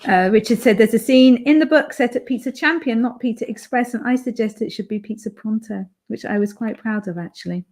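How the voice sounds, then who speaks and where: A woman's voice: a little high, a little fast, hardly any pauses, darkish tone. A woman from the UK hosting a live stream from home, chatting casually and reading viewer comments aloud with lots of fillers. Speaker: livestream host reading chat. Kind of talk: casual chat.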